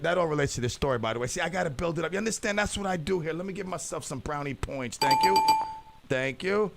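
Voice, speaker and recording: A man hosting a radio show, telling rambling comic stories in a loud, animated way. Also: high voice, gravelly. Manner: loud, rambling storyteller who acts out the people in his stories. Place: radio studio.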